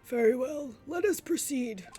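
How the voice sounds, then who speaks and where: A woman's voice: high voice, expressive, measured pace, mellow, slightly rough, voice pushed up, exaggerated voice. A woman voicing a fussy elderly male judge in a game, ponderous and hesitant.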